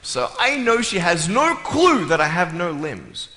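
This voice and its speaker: A man's voice: high-pitched, huge pitch swings, sharp tone. A man giving a humorous, playful talk to a live audience, joking and chatting with them. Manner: playful and jokey, with quick asides. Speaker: motivational speaker. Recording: echoey hall with faint room ambience.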